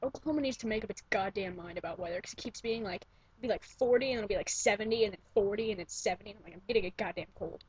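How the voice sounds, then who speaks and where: A woman's voice: medium pitch, very fast, slightly rough, dry recording, dull audio. A young woman talking casually to her computer webcam at home, gushing and swearing as she rambles and interrupts herself. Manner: gushing, profane, self-interrupting. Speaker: vlogger. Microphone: computer webcam mic.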